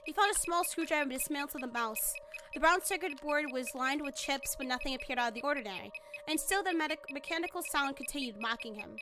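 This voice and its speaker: High-voiced excitable young woman streamer. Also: fast talker. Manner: animated, excitable, breaks into sudden shrieks and laughter; swears casually, chats with viewers. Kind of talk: reading a visual novel aloud while chatting on stream. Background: game music.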